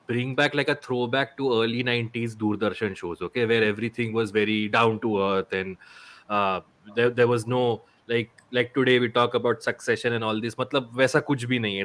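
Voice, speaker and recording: A man's voice: medium pitch, fairly even intonation, fast, fairly bright tone. Chatty man on a panel. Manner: chatty, mixes English with Hindi. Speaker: comedian panelist. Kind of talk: casual panel chat.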